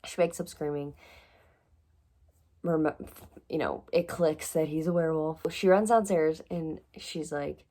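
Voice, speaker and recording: A woman giving a casual reading vlog recap, chatty and excitable, with lots of "like" and "literally". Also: sits low, a little slow, long pauses. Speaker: book vlogger.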